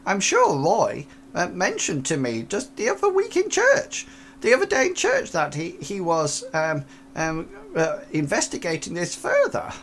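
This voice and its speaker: A man voicing a timid, wary elderly woman neighbor in a tabletop game, with a soft, quavering old-lady voice. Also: high voice, huge pitch swings, measured pace, vocal fry, a little hiss or hum, voice pushed up, heavily acted. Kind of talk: tabletop game role-play.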